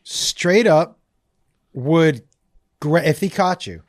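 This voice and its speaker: High lively guy swapping crude stories on a podcast, dry close mic. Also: takes it slowly, no room sound. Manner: animated, swearing, bursts of high laughter. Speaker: podcast co-host. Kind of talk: casual storytelling chat.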